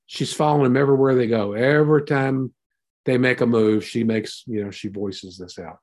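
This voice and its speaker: A man's voice: mid-range voice, moderate pace, a little mellow. A man teaching a Bible passage in a conversational sermon, retelling and explaining it in a folksy way.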